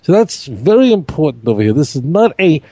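A man leads a Torah study class, emphatic and animated, with rhetorical questions. His pitch swoops up and down a lot, and his tone is mellow and rather high. The sound is dry and close. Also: fairly quick, slightly rough, no echo. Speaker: Torah teacher.

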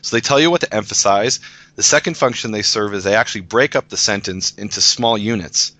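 A man's voice: fairly low pitch, brisk, sharp tone. A man in a casual discussion, patiently explaining scripture as a guest teacher, often restarting his sentences.

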